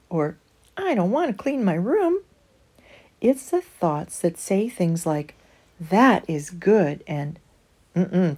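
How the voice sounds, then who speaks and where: A woman voicing a kind, patient mother in a storybook reading, gently explaining. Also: lowish voice, husky, heavily acted.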